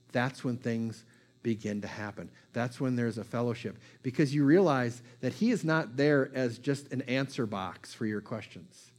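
Conversational male pastor preaching. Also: medium pitch. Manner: repetitive, builds emphasis, informal asides. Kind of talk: conversational sermon.

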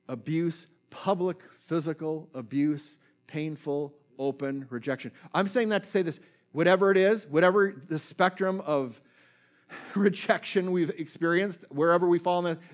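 Male preacher, slightly raised pitch, talky sermon delivery that checks in with the congregation. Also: moderate pace. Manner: conversational, checks in with listeners; retells scripture stories with feeling.

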